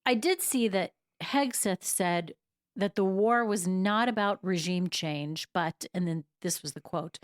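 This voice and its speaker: A woman co-hosting a podcast, chatting casually about the news with short responses and quick remarks. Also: mid-range voice, no echo, clean studio sound. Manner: brief interjections, conversational. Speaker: podcast co-host. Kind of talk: casual political talk.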